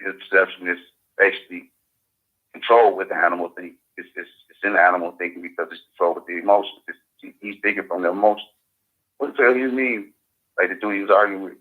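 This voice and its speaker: A man's voice: low voice, steady tone, fast. A man in casual radio talk, speaking in a loose, profane street manner. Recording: phone-like lo-fi audio.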